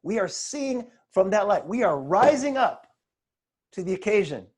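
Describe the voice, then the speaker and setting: A man giving a spiritual lesson over a video call, retelling scripture with dramatic, expressive emphasis. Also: sits high, measured pace, breathy edge. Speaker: spiritual teacher.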